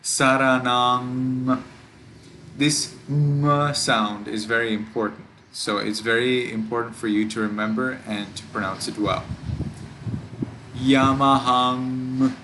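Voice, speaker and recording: A man who is a Buddhist monk, teaching a class how to pronounce chant words and drawing each word out slowly and carefully. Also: lowish voice, steady tone, noisy background. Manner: slow, careful, demonstrates words by drawing them out.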